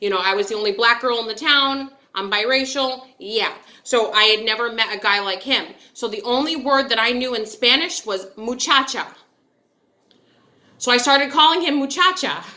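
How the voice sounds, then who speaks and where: A woman in her thirties from upstate New York vlogs a personal story, candid and chatty, drifting off on tangents and often speaking aside to her viewers. Her voice is a little high and sharp in tone, and she talks at a moderate pace. It's casual storytelling.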